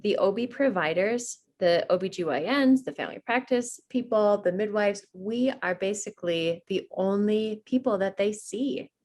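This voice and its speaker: A woman speaks as a guest on an interview show. She is a nurse midwife and explains things in an earnest, steady way. Her voice has a mid pitch. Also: moderate pace, hardly any pauses. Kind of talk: conversational interview.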